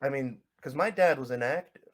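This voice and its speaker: A man in casual podcast conversation, telling a family story with lively quoted voices. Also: medium pitch, a little fast, a crowd in the background. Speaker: podcast co-host.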